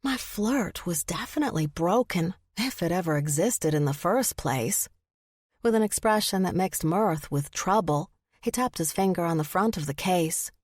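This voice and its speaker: A woman narrating a first-person audiobook, expressive in the character's flustered lines. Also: on the low side, normal speed, no echo, clean studio sound.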